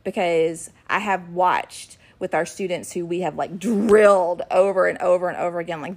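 A middle-aged woman co-hosting a podcast, chatting and telling lively family stories about her kids in an animated way. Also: on the low side, moderate pace, hardly any pauses. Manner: animated, acts out her kids' voices when retelling. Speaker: podcast co-host and ministry worker. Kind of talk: casual chat with storytelling.

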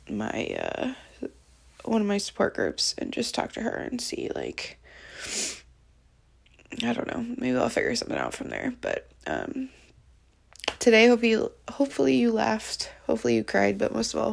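A tearful woman venting in a personal diary vlog, halting and dropping into near-whispers. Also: fairly high pitch, vocal fry. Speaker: diary vlogger.

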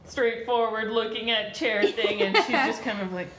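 A woman's voice: on the high side, normal speed. A woman player chatting casually at a tabletop game, hesitant with fillers. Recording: echoey room, faint noise.

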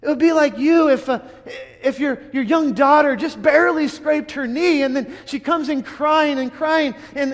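A man preaching a dramatic sermon, telling it in first person as an eyewitness, earnest, with restarts and emphatic repeats. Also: very high voice. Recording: long hall reverb.

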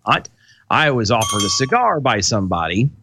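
A man's voice: mid-range voice, moderate pace, background noise. A middle-aged man co-hosting a casual podcast, joking and laughing often as he banters. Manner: jokey, animated, laughs often. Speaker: co-host.

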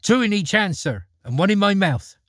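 A man voicing a polite, quick-witted young boy who speaks brightly and eagerly in a storybook reading. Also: high voice, animated, no echo, studio quality, pitched above the performer's own voice.

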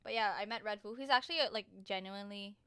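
Bright, giggly woman on a podcast. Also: mid-range voice, quick pace, clean tone, dry recording. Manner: giggly, playful, swears casually. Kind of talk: casual chat. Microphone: close studio mic.

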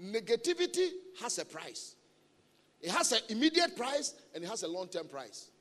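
A man preaching a sermon as a guest speaker at a church gathering. He is animated and humorous, and he repeats his key phrases for emphasis. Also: high-pitched, moderate pace. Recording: long reverb of a large hall.

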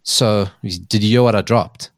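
A man's voice: fairly low pitch, a little slow, background noise. A man hosting a podcast, telling a story in a chatty way and laughing often. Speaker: podcast host. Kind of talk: casual chat.

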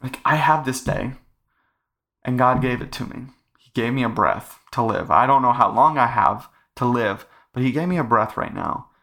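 A man's voice: medium pitch, lively intonation, moderate pace, creaky, sharp tone. A young man hosting a casual faith podcast, talking earnestly in a rambling way full of fillers. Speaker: podcast host.

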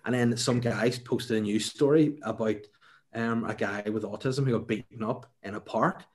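A man's voice: mid-range voice, normal speed, darkish tone. A young man with a Northern Irish accent, a stand-up comedian chatting casually in an interview, rambling with many restarts. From Northern Ireland.

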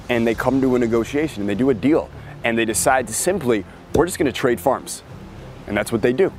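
A man's voice: medium pitch, animated, fairly quick, faint music behind. A man hosting a podcast, giving an emphatic motivational marketing talk and acting out characters as he tells stories. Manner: emphatic storytelling, acts out characters. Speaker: podcast host.

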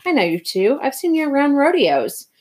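A man's voice: very high voice, big pitch swings, normal speed, a little mellow, pitched above the performer's own voice. A woman reading aloud, voicing a cocky, crude teenage boy who taunts with a sly drawl. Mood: taunting. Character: cocky teenage male hood, crude and bored.

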